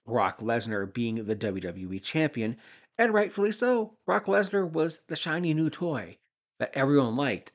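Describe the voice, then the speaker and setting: A man from Canada in his forties, hosting a podcast and recapping old wrestling episodes in a rambling way, with jokey asides and shout-outs. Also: mid-range voice. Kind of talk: casual recap commentary.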